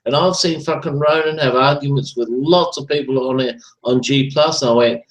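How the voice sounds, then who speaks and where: A man's voice: mid-range voice, moderate pace, hardly any pauses. A man hosting a live chat stream, ranting in a rambling, profane, repetitive way. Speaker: livestream host. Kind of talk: ranting casual talk. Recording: roomy echo.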